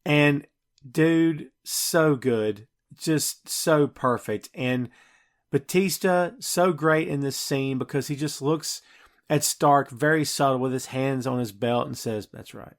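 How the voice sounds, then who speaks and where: A man's voice: medium pitch, slow pace. A man hosting a podcast and recapping a film scene by scene in casual, enthusiastic chat full of fillers. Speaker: podcast host.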